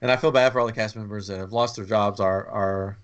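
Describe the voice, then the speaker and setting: A man's voice: fairly low pitch, steady tone, brisk, highs cut off, slight background noise. A man in his thirties co-hosting a podcast, telling a family vacation story in a rambling, chatty way. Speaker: podcast co-host. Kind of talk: casual trip-story chat.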